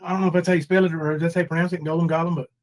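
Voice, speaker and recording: A man in his forties hosts a loose, rambling livestream chat with a slightly high voice. He drifts between his own news and greeting viewers from the chat, sometimes hamming up mock crying. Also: flat delivery, racing, rough recording. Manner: rambling, reads chat names aloud, mock crying bits. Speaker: livestream host.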